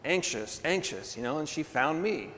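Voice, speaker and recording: A man preaching a sermon, telling a story with animated energy, laughing often and calling for responses from the congregation. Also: on the high side, normal speed. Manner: laughs often between phrases. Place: church hall. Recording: long hall reverb.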